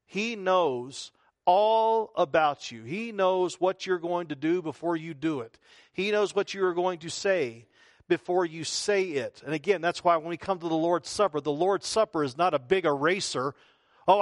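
A man's voice: high-pitched, normal speed, no room sound, clean studio sound. A male pastor preaching a conversational sermon, full of rhetorical questions and repeated phrases.

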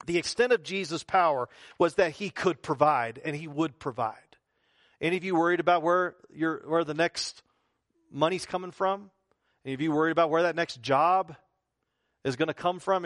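A man's voice: a little high, moderate pace, a bit bright, dry recording, clean studio sound. A male pastor preaching a conversational sermon, full of rhetorical questions and repeated phrases.

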